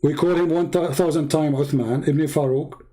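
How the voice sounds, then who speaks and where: A man speaking somewhat high for a male voice, hosting a livestream from home. He taunts and mocks in a sarcastic tone and hammers his points by repeating them. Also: steady tone, normal speed, warm tone. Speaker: livestream host. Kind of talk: mocking livestream commentary. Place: home setup streaming online.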